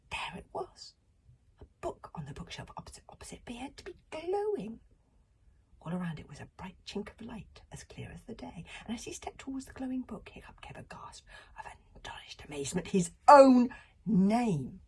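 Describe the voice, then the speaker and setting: A woman's voice: on the low side, slight background noise. A woman reading a children's book aloud, breaking off to chat and comment on the story. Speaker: reader.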